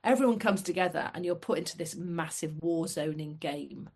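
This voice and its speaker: A middle-aged woman from the United Kingdom, a podcast guest telling lively anecdotes with self-deprecating asides. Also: fairly low pitch, normal speed. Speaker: guest, former fast jet pilot. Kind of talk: casual storytelling.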